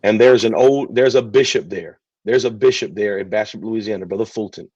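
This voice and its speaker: A man, a pastor telling his story in an interview, relaxed and chatty. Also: lowish voice, a little fast, slightly rough, no room sound. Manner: relaxed, chatty, many fillers. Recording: dull, dry recording.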